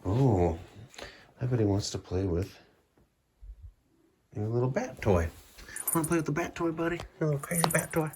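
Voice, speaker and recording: A man's voice: medium pitch, moderate pace, pauses often, mellow, slight background noise. A man talking baby talk to his cat at home, cooing in a raised sing-song voice while he films it playing. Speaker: pet owner filming his cat. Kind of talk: casual baby talk to a pet. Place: home indoors.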